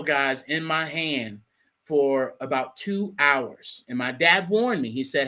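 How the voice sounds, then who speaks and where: Bright, bouncy man telling a work story. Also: a little high, moderate pace. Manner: animated, folksy, restarts and repeats words. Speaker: co-host. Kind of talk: casual storytelling monologue.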